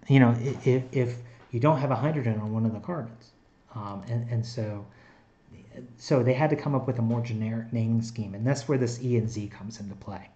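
A man's voice: mid-range voice, dark tone, dull audio. A man teaching a recorded chemistry lecture in a conversational way, with frequent fillers and restarts. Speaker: chemistry instructor.

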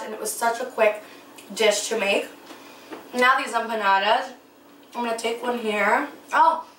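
A woman's voice: on the high side, fairly bright tone, slight background noise. A woman hosting a home cooking show, talking casually and enthusiastically as she tastes her dishes. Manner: enthusiastic, tasting food as she talks. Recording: echoey kitchen, mic at a distance.

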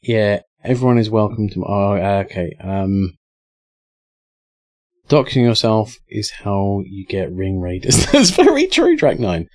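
Slow-talking English man streaming a game. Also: on the low side, a little mellow, no echo. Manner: laid-back and swearing, reading out chat. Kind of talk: casual live-stream commentary.

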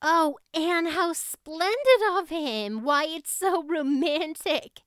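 A woman voicing an excitable teenage girl who gushes breathlessly. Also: medium pitch, moderate pace, no room sound, clean studio sound, close to an everyday voice. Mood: gushing. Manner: breathless and gushing.

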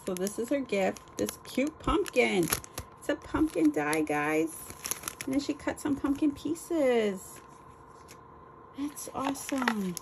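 A woman gushes over craft supplies in a casual unboxing vlog, her voice gravelly and her pitch swooping high and low. She talks slowly and exclaims over each piece. Faint room noise sits behind her. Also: expressive, rough recording. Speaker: crafting vlogger.

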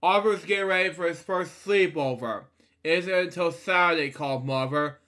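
A man's voice: on the high side, normal speed, sharp tone. A man reading a picture book aloud, stumbling over words, with fillers and side comments between pages. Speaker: storybook reader.

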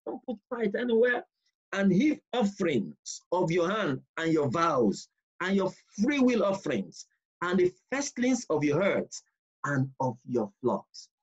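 A man teaching a bible study, emphatic and repetitive, reading scripture slowly and deliberately. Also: sits high, big pitch swings, slightly rough. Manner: emphatic, repeats key points, reads scripture slowly. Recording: dull lo-fi recording.

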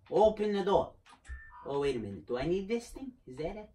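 A gamer doing excitable, joking let's play commentary, talking to themself while playing and screaming now and then. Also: medium pitch, moderate pace. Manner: excitable, jokey, talks to himself while playing.

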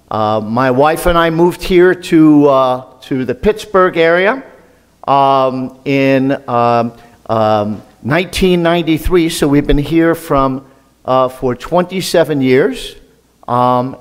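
A man's voice: on the high side, clean tone. An older man with a New York accent, talking casually to a church as a guest minister, with many fillers. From Brooklyn, New York. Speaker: guest speaker, Messianic minister. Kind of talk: church talk.

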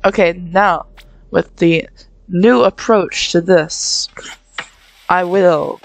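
A woman's voice: fairly low pitch, drawn-out words, creaky, soft background music. Giggly self-mocking woman gaming. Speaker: gamer playing through a game. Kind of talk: let's-play commentary.

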